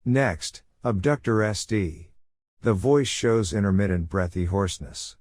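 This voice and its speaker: A man's voice: fairly low pitch, darkish tone, no echo, studio quality. A middle-aged man from Japan with a Japanese accent, giving a prepared conference lecture as a physician and reading steadily from his slides. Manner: measured, reads steadily from slides.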